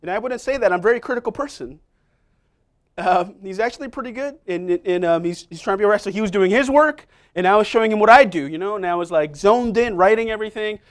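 A middle-aged man preaching a sermon in a church, telling personal stories in a conversational, self-deprecating way with quick asides to the congregation. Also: high voice.

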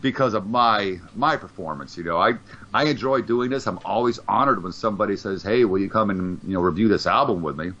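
A man's voice: on the low side, a little fast, sharp tone. A man chatting casually on a podcast, rambling and swearing, stumbling over repeated words. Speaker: podcast co-host. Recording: dull lo-fi sound.

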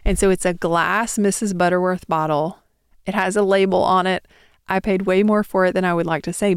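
A woman's voice: medium pitch, no echo, clean studio sound. A woman in her thirties hosting a solo podcast, talking in a chatty, encouraging way. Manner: chatty, encouraging, with small laughs. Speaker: podcast host.

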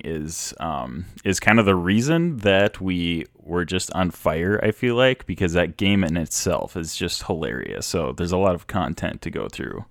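A man's voice: deep voice, dry recording, clean studio sound. A man co-hosting a casual podcast, playful and enthusiastic as he ribs his friends. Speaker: podcast co-host.

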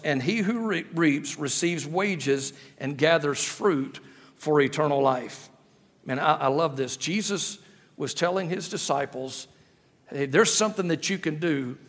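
A man preaching a sermon as a guest pastor, folksy and often restarting his words. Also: a little high. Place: church. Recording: long reverb of a church hall.

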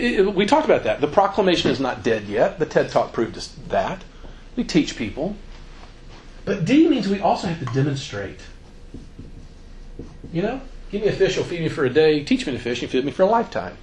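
A man's voice: fairly high pitch, a little hiss or hum. A man giving an informal, joking talk to students as a campus minister, acting out quoted voices. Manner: animated, joking, acts out quotes.

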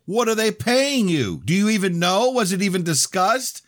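A man's voice: fairly low pitch, big pitch swings, moderate pace, darkish tone, slightly rough, no room sound, clean studio sound, pitched above the performer's own voice. A man voicing a distraught young woman in an audiobook, pleading and breaking into tearful outbursts. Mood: upset yelling. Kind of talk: audiobook reading.

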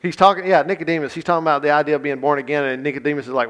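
A man's voice: on the high side, steady tone, very fast, hardly any pauses, fairly bright tone. A male pastor giving a conversational sermon, reading scripture with emphasis and talking plainly with his congregation.

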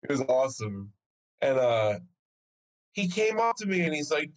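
A man with a medium pitch talks at a moderate pace with frequent pauses, on a low-quality recording. Co-hosting a podcast, he tells a story in casual, profane chat, animated as he acts out people's words.

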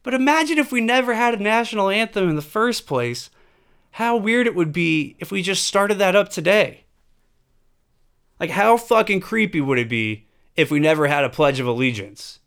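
A man's voice: high voice, animated, normal speed, fairly bright tone, clear, resonant tone. A man giving an emphatic, profane opinion monologue full of rhetorical questions.

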